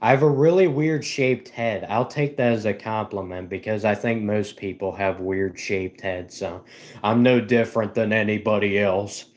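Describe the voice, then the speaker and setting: A man's voice: lowish voice, steady tone, moderate pace. A man live streaming, rambling in a self-deprecating, giggly way. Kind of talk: casual live-stream chat.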